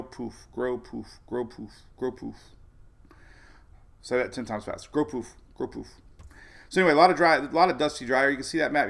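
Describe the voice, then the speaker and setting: Walking viewers through weather maps on his casual livestream, a man chats and wanders off topic while covering the tropics. The voice is mid-range and fairly bright, with noticeable vocal fry.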